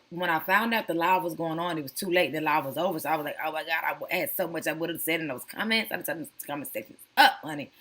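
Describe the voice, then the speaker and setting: A woman's voice: low-pitched, a bit bright. A woman hosting a casual reaction commentary, chatty and sassy, calling viewers honey and girl. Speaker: commentary channel host.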